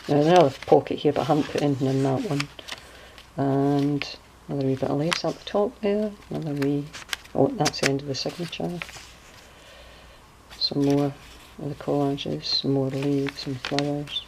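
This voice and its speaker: A woman giving a casual craft walkthrough of her handmade journal, chatty and relaxed, often hunting for words and correcting herself. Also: low-pitched, normal speed, creaky, noisy background.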